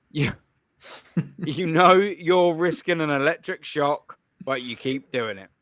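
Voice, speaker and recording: A man's voice: fairly high pitch, slow pace, a bit bright. Blunt, profane man ranting. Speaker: live stream host. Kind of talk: ranting call-in stream commentary.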